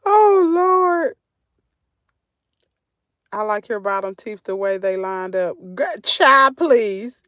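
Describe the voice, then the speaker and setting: A woman's voice: mid-range voice, measured pace, hardly any pauses, sharp tone, clean tone, no echo, clean studio sound. A woman with a Southern American accent, chatting casually with her livestream viewers from a parked vehicle, reading comments and laughing often. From Southern United States. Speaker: channel host.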